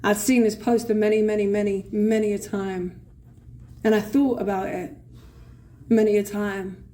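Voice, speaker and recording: A woman with a London accent telling her recovery story at a convention, blunt, swearing and animated. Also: mid-range voice, moderate pace. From England. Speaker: recovery speaker. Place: convention hall stage. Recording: faint room noise at a convention.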